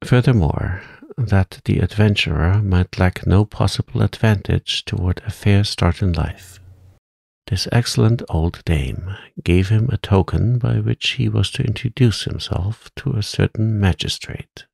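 A man reading a classic story aloud in a calm, soothing, soft-spoken bedtime manner. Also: lowish voice, measured pace, vocal fry, husky, no room sound, clean studio sound. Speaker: audiobook narrator.

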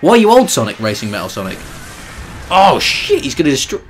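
A young man co-hosting a gameplay video, laughing and excitedly coaching his friend through the game. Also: on the high side, brisk, faint music behind. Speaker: co-host watching a gameplay session. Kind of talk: casual let's-play banter.

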